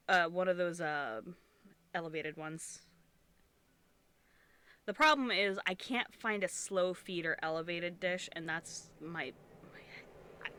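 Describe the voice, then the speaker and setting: A woman's voice: fairly low pitch, a bit bright. A young woman streamer, congested and sniffling, chatting casually and rambling while she crochets, swearing freely and restarting her sentences.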